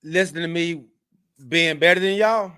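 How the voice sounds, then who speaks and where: A man's voice: fairly high pitch, moderate pace, bright, forceful tone, clean tone, no echo. A man co-hosting a casual sports talk show, teasing and acting confused. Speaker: podcast co-host.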